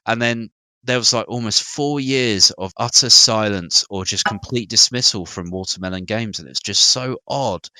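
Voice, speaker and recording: On a relaxed podcast about gaming news, this British co-host tells stories in a chatty manner, hesitating now and then with fillers. The recording is dry; his fairly low voice sounds pushed and bright, and he talks at an ordinary pace.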